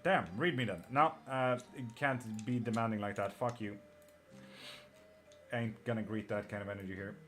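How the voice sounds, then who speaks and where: A man's voice: on the low side, moderate pace, fairly bright tone, faint music behind. A man with an Irish-sounding accent and a slight twang, hosting a live tarot stream in casual chat, blunt and swearing freely as he answers viewers.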